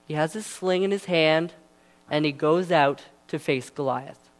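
A man's voice: a little high, unhurried. A young man giving a sermon in a casual, chatty way, full of asides and fillers. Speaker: preacher.

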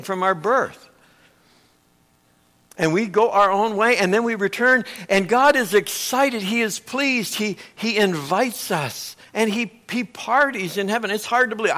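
A middle-aged man preaching a sermon, telling a Bible story with animated delivery and big swings between loud and quiet. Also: high-pitched, gravelly. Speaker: pastor.

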